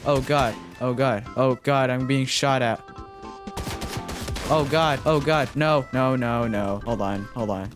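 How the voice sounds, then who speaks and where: A young man chatters through a match in a mid-pitched voice, jumping between panic and jokes and saying the same thing over and over. Faint game music plays quietly behind him. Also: slow pace. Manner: frantic, jokey, repeats himself, yelps when startled. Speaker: gaming commentator. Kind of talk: casual gameplay commentary.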